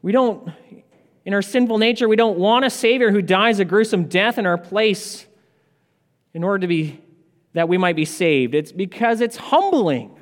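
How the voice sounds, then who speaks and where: A man with a high, clear voice preaches an earnest sermon and draws out his key phrases. His words ring through the long reverb of a church sanctuary. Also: lively intonation. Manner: earnest expository preaching, slows for emphasis.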